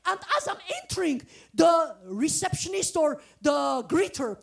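Excitable woman preacher from the former soviet union, high voice with a gravelly edge, shouts and half-sings her testimony. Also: unhurried. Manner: exuberant, often bursting into shouts and sung phrases; earnest, pleading exhortation. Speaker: guest preacher. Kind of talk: testimony sermon.

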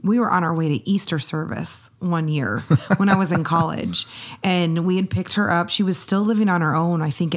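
Low-voiced woman chatting on a podcast. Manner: laughs easily, lively retelling. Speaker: podcast co-host. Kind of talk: casual storytelling chat.

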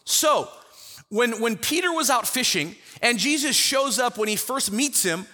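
A man teaching a Bible study in a conversational way, telling the story with lively acted-out quotes. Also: very high-pitched, a little slow, big-room sound. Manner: animated storyteller who acts out the quotes.

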